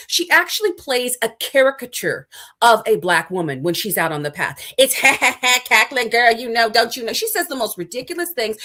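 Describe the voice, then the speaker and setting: A woman's voice: on the high side, a bit bright. A middle-aged woman co-hosting an opinionated commentary show, sarcastic and mocking. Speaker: co-host.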